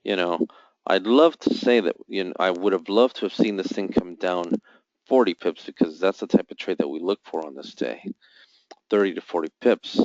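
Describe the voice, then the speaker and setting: A man with a low, darkish voice leads live trading commentary in his forex forecasting room at a moderate pace. He reads out buy and sell volumes and mutters taunts at the market. The sound is dry, dull, and lo-fi.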